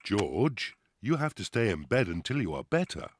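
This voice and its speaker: A man's voice: lowish voice, very animated, moderate pace, background noise. An actor voicing a jolly, easygoing father pig in a children's cartoon.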